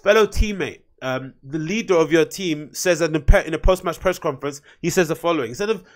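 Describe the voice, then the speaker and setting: A man's voice: on the high side, fairly quick. A man hosting a solo podcast, talking in a loose, rambling way with frequent swearing. His voice sits a little above the usual male range, and he flares up into heated outbursts. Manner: blunt, profane, rambling, heated. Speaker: podcast host. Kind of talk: casual solo rant.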